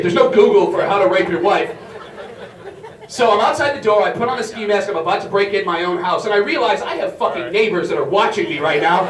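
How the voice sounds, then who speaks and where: A man performing stand-up with a brash, foul-mouthed storytelling manner. His voice sits high for a man. The sound is roomy and a little distant from the mic. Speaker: stand-up comedian. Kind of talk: stand-up comedy set. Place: comedy club stage.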